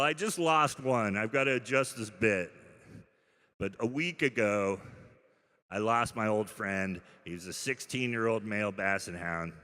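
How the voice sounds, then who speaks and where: A man doing a stand-up routine in deadpan storytelling mode, with sudden loud bursts. His voice sits fairly low and sounds bright and forceful. The live stage sound carries a long hall reverb. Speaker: stand-up comedian. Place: comedy club stage.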